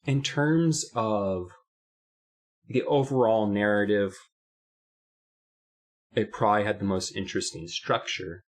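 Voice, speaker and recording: A man co-hosting a podcast, reviewing a book in casual chat, rambling and emphatic, getting animated when he complains. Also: on the low side, slow pace, pauses often. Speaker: podcast co-host.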